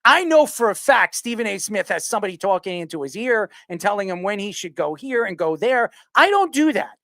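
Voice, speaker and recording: A man hosting a sports podcast who rants loudly and passionately, arguing hard and often raising his voice. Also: sits high, big pitch swings, fairly quick, dry recording. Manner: loud, passionate, yells his arguments. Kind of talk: heated sports talk rant.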